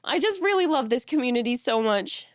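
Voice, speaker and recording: A young woman streamer chatting casually with her viewers, teary and close to crying, talking softly with nervous laughs. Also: high voice, animated, a little fast, dry recording. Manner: soft, thankful, breaking into nervous laughs. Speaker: streamer reading chat. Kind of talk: casual live-stream chat.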